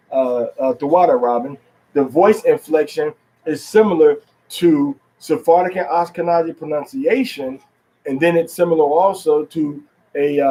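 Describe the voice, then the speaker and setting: A man giving an informal religious lesson at home, quizzing his listeners with questions, repeating key words and reading scripture aloud slowly, stressing each syllable. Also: on the high side, dark tone, low-quality recording. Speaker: religious teacher.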